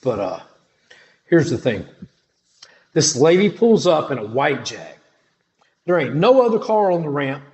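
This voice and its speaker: A man's voice: on the high side, sing-song, a little slow, pauses often, a little mellow. A middle-aged man telling a personal testimony in a casual, slangy, dramatic way. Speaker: storyteller sharing a testimony.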